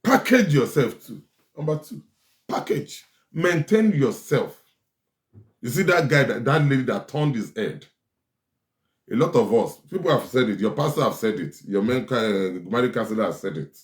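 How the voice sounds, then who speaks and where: A man's voice: medium pitch, expressive, normal speed. Man, preachy advice host, repeats for emphasis, roomy echo. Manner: emphatic, repeats lines for stress. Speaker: host giving relationship advice. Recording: echoey room.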